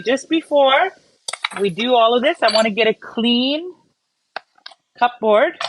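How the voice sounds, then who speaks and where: A woman's voice: fairly high pitch, noisy background. A woman from Canada hosting a casual cooking livestream, chatting and greeting viewers by name while she cooks. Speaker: cooking show host.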